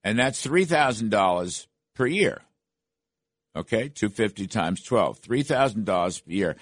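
A man's voice: fairly low pitch, lively intonation, unhurried, dry recording. An older man hosting a radio talk show, delivering an emphatic opinion monologue from a studio, with restarts along the way. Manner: emphatic, rising to indignant questions, frequent restarts.

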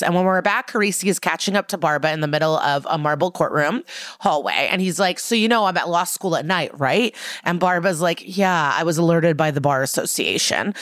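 A woman's voice: fairly low pitch, a bit bright, no echo, clean studio sound. A woman co-hosting a podcast, chatting casually as she retells a TV episode and acts out the characters' lines. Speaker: podcast co-host. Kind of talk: casual chat recapping a TV episode.

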